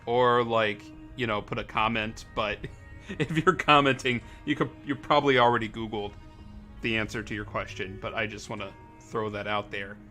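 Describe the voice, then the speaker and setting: Bright-voiced young man rambling on stream. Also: lowish voice, steady tone, normal speed, soft background music. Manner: rambling and self-correcting, laughs often. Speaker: streamer playing a game. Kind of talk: casual live-stream commentary.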